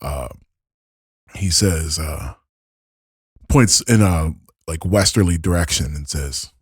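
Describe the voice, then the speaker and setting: A man's voice: very deep voice, slow pace, husky, no room sound, studio quality. A man narrating as game master of a tabletop game, laid-back with frequent ums.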